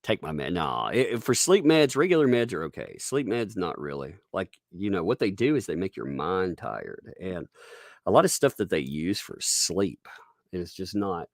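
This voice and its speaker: A man's voice: low-pitched, very animated, moderate pace, no echo, studio quality. A man with a Southern US accent, chatting casually on a live stream, rambling with restarts and frequent chuckles as he reads viewer tips.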